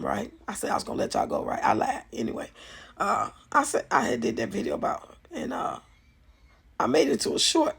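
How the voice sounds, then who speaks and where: A woman vlogger talking casually to her viewers, chatty and animated, swearing freely and laughing often. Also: a little high, vocal fry, slightly rough. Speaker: YouTube vlogger. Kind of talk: casual commentary vlog.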